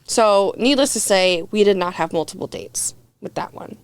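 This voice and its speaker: A young woman tells a story on a podcast in a loose, candid way. She swears freely and fills her talk with "like", and she acts out what people said. Her pitch sits in a middle range. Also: normal speed, clear, resonant tone. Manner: candid, profane, heavy "like" filler, acts out quotes. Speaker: podcast guest. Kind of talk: casual storytelling chat.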